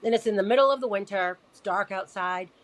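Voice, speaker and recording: A woman guest telling a personal story in conversation, animated and acting out quoted dialogue. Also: mid-range voice, quick pace. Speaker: podcast guest.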